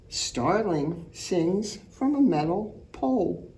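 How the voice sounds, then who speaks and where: A woman reading a picture book aloud to children, telling the story with animation and imitating bird calls in high, loud chirps. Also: sing-song, takes it slowly. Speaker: children's art program teacher reading aloud.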